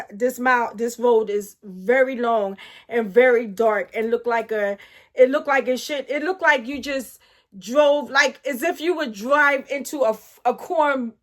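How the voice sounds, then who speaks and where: A middle-aged woman with a high voice tells a casual story to her viewers. She is animated and excitable, and she breaks off and restarts her sentences as she goes. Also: moderate pace. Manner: animated, talks straight to viewers with frequent asides. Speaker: vlogger telling a story.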